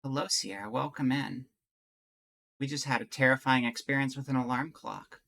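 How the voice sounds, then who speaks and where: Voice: medium pitch, fairly even intonation, normal speed, gravelly, pushed and bright. A streamer chatting candidly with viewers and reading a visual novel aloud, with a rambling, restart-prone way of talking. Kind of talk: casual chat and visual novel read-through.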